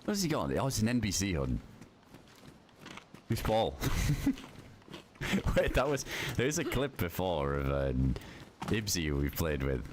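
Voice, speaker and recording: Deep-voiced laid-back male game streamer. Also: very animated, a little slow, background noise. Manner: rambling, laid-back, swears often. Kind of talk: casual gameplay commentary.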